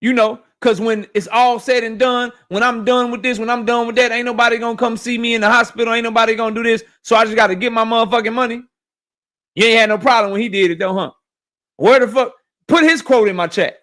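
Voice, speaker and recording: A man's voice: extremely high pitch, fairly even intonation, fast talker, a bit bright. A man hosting a casual boxing livestream, ranting animatedly and profanely while reading chat messages.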